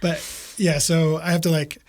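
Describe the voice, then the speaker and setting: A man's voice: a little high, little pitch movement, measured pace. A man co-hosting a podcast with his wife, chatting casually and rambling with many fillers and restarts. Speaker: podcast co-host.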